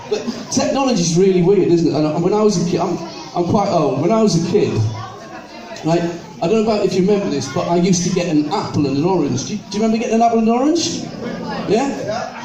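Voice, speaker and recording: A man's voice: high voice, animated, fast talker, mellow. An older man doing stand-up comedy, telling chatty stories and acting out people in his jokes, with an audience sing-along. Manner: chatty storytelling, acting out other people in joke dialogue. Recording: echoey venue, mic heard from a distance.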